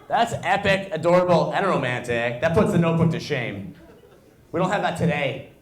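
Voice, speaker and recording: Animated young man doing stand-up. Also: moderate pace. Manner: animated, jumps to loud high-pitched voices for quoted characters. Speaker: stand-up comedian. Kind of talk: stand-up comedy set. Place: bar and grill comedy night. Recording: echoey room, stage mic. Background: audience laughter.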